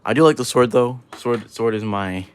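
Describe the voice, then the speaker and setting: A man's voice: mid-range voice, normal speed, a little hiss or hum. A man hosting a casual livestream, rambling and joking as he reads chat aloud while building. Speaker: livestream host.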